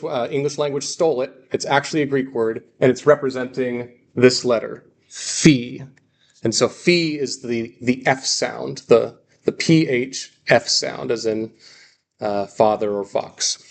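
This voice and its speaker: A man teaching a class in an easygoing, joking manner. He often restarts his sentences and corrects himself mid-thought. His voice sits in an ordinary middle range. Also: mid-range voice. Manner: casual, joking, self-correcting with many restarts. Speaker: Greek teacher. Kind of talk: classroom lecture.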